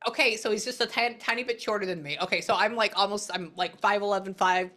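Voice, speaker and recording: Woman, psychic medium, chatty and blunt, casual reading session, mid-pitched voice. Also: quick pace, bright, forceful tone. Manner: chatty, blunt, quotes the spirit back and forth.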